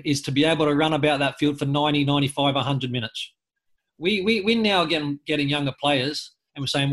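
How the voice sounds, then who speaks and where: An Australian former footballer appears as a podcast guest in a conversational interview, speaking earnestly. His voice sits on the high side with a fairly bright tone, and he often restarts sentences and leans on fillers.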